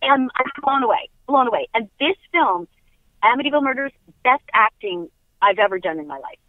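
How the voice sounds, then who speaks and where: A woman's voice: on the high side, animated, fairly quick, dry recording. Chatty upbeat woman on a tinny phone line. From Long Island. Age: middle-aged. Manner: upbeat, chatty, laughs often. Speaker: guest actress. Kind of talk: casual phone interview. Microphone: telephone.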